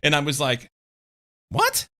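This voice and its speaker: A man in mid-range pitch with a very bright, forward voice chats loosely while playing a game at home. He rambles, curses freely and breaks into laughter often, all close on a desk mic. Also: moderate pace. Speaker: game streamer. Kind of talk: casual chat while playing.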